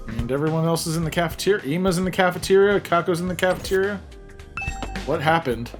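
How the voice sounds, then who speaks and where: A man's voice: fairly high pitch, quick pace, faint music behind. A man casually commenting and joking while playing a story video game. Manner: chatty, joking, reading game text aloud. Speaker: let's play host.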